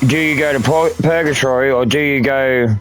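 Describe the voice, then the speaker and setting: A man's voice: mid-range voice, steady tone, moderate pace, fairly bright tone, rough recording. A man chatting casually while gaming, rambling and swearing a lot. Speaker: gaming streamer.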